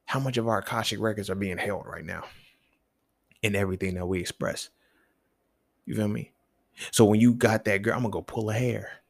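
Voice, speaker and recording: A young man riffs alone on his podcast in loose, profane street slang, his voice gravelly and full of fry. He keeps asking the listener questions that leap up in pitch. The sound is dry and close, with no room around it. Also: fairly quick, long pauses, no echo. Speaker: podcast host. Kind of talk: casual solo monologue.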